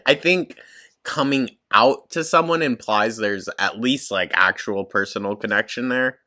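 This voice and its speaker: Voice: medium pitch, big pitch swings, takes it slowly, pushed and bright. A commentary YouTuber reacting to clips, sarcastic and blunt, swearing often and laughing at the material.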